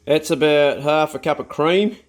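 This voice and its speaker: A man's voice: on the high side, normal speed, slight background noise. Laid-back man talking to his dogs. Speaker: vlogger. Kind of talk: casual chat. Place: farmhouse.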